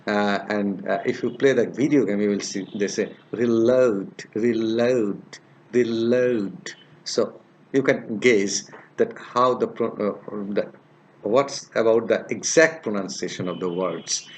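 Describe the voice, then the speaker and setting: Slow, hesitant male lecturer with a low voice. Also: slight background noise. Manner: slow and repetitive, repeats example sounds and words many times; hesitant, many "uh" fillers. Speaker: linguistics teacher. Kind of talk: recorded lecture.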